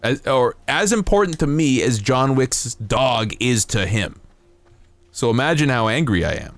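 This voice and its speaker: A man's voice: mid-range voice, very animated, a little slow, dry recording, soft background music. A young man streaming a game, chatting casually in rambling, profane, self-mocking rants. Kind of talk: casual live-stream chat while gaming.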